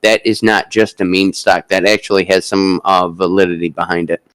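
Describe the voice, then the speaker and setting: A man's voice: deep voice, flat delivery, fairly bright tone, clean tone, no room sound, low-quality recording. Man, casual host, hesitant speech full of fillers, dry close sound. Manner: halting, many drawn-out fillers. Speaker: host of a live stock chat. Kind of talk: casual group voice chat.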